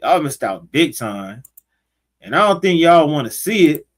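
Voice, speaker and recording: A man hosting a laid-back livestream, chatting with his viewers and reacting to their comments in slangy, easygoing talk. He takes his time and doesn't rush. His pitch swings up and down a lot. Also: big pitch swings, a little slow. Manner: loose, slangy and talkative, calling out to viewers. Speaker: livestream host. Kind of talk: casual livestream chat, reading and reacting to comments.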